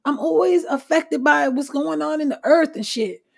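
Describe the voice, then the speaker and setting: A woman's voice: sits high, normal speed, vocal fry, darkish tone. A woman hosting her own podcast, talking bluntly and with a lot of swearing in a casual self-help monologue, noticeably short of breath. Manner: blunt, profane, emphatic. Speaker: podcast host.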